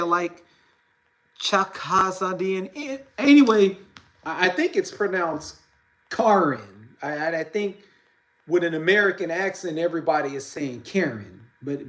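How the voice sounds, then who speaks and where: A man hosting a casual boxing livestream, talking haltingly with many fillers and restarts and greeting viewers by name. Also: on the high side, fairly bright tone, echoey room, low-quality recording. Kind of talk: casual live-stream talk.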